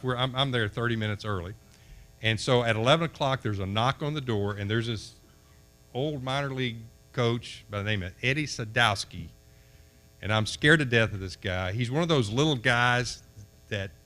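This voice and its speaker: A man's voice: lowish voice, fairly bright tone. An older man from Kentucky gives a storytelling speech at a banquet, acting out the voices in his anecdote. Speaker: banquet speaker.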